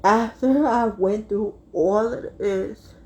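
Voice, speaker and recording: A young adult woman telling a personal story to her viewers, fighting back tears and speaking haltingly. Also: medium pitch, darkish tone. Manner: tearful, halting, addresses viewers as y'all. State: close to tears. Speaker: vlogger.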